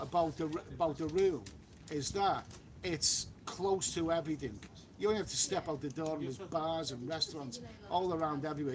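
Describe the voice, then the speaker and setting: An English man chatting casually on a live stream outdoors by the beach, rambling with frequent restarts and the odd mild swear word. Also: on the high side. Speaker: travel vlogger live-streaming. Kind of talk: casual live-stream chat reading viewer comments.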